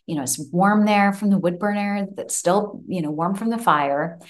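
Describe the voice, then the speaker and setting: A woman in her thirties hosting a podcast, telling a home ghost story in a lively, casual way from her office. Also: mid-range voice, moderate pace. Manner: animated, acts out the child's voice with laughs. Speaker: podcast host.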